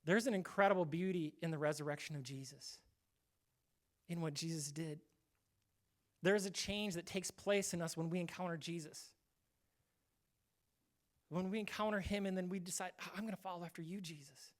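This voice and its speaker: A man's voice: sits high, normal speed, long pauses. A male pastor giving a casual, conversational sermon, acting out short quoted voices now and then.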